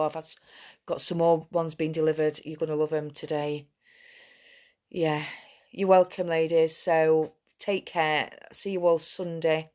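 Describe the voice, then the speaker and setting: A woman's voice: sits low, a little mellow. A woman, an EFT tapping coach, talking chattily and affectionately to her group over a video call. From United Kingdom. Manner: chatty and affectionate, rambling asides. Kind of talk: live online group session, casual chat.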